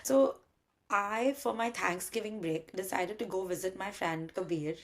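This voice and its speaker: A young woman chatting casually, telling a long story with lively energy and acting out what her friends said. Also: mid-range voice, a little slow. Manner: animated storytelling, acts out quoted friends. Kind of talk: casual chat.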